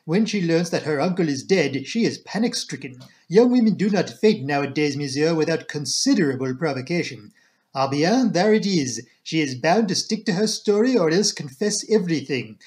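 A man's voice: a little high, expressive, moderate pace, darkish tone, natural voice. A man voicing a shrewd, fussy older Belgian male detective who talks precisely and drops in French phrases. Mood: explaining.

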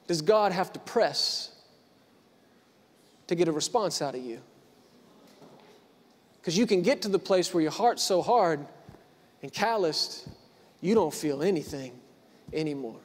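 A pastor in his thirties delivers a sermon in a church hall, his notably high voice animated and slow with long pauses. He drives home repeated lines with emphasis, swinging from hushed to loud, while the big hall's long reverb rings around him.

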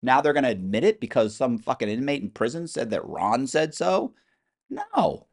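A middle-aged man telling animated stories as a podcast guest, acting out quoted voices with some swearing. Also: medium pitch, brisk. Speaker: interview guest. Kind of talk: storytelling in a podcast interview.

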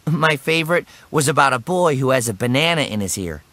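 A man reads a children's story in the first person, with his pitch rising and falling a lot. His voice is bright and clear, and he plays up every moment of suspense. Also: a little fast, no echo. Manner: expressive and animated. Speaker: audiobook narrator. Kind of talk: scripted first-person narration.

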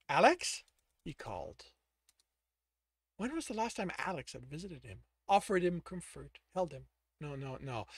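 A man narrating a dark novel, reading with expressive, sweeping pitch. He pauses to correct his own stumbles, and the recording is dry and close. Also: no echo. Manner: dramatic reading with self-corrections. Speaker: author reading his own book aloud. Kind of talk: audiobook narration.

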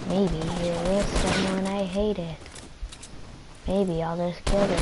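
A woman's voice: medium pitch, flat delivery, takes it slowly, very noisy. A woman giving casual, profane commentary while streaming a game, trash-talking and repeating herself. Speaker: gaming streamer.

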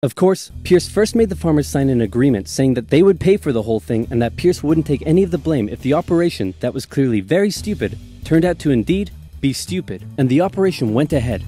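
A man giving wry, comic scripted history narration, with deadpan asides. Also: on the high side, fast, hardly any pauses, husky, faint music behind.

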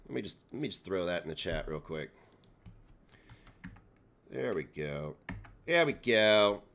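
A man's voice: medium pitch, a bit bright. A man hosting a casual livestream, ranting and mocking others with a sarcastic, insulting manner. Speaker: streamer host.

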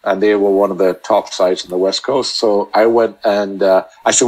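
A man chatting as a podcast guest, telling long, halting anecdotes full of restarts. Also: lowish voice, steady tone, a little mellow, poor audio. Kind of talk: casual storytelling chat.

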